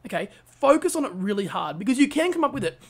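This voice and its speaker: A man co-hosting a motivational podcast with a high voice. He is enthusiastic and insistent and keeps repeating his commands to the listener. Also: big pitch swings, fast talker. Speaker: podcast co-host.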